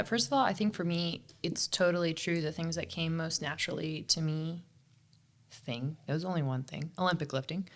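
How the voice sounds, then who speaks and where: A woman's voice: deep voice, a bit bright. A young woman co-hosting a casual fitness podcast, talking frankly and swearing freely. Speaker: podcast co-host and CrossFit coach. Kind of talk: casual chat.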